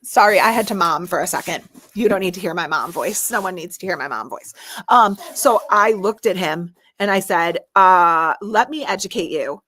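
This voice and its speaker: A woman in her thirties hosting a casual live stream, chatty and animated with frequent laughs. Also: fairly low pitch, normal speed. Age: 30s. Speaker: livestream host.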